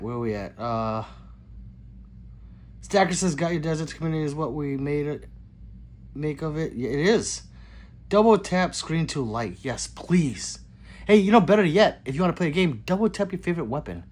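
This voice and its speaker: A man hosting his own gun channel livestream, reading viewer comments aloud and joking back in a loose, casual way. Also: on the high side. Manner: loose, joking, swings between loud greetings and mutters. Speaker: gun channel host reading live chat.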